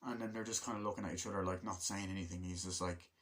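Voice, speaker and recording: A young man giving a casual spoken film review, rambling, swearing often and acting out scenes in quick quoted voices. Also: low-pitched, steady tone, fairly bright tone. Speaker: movie reviewer.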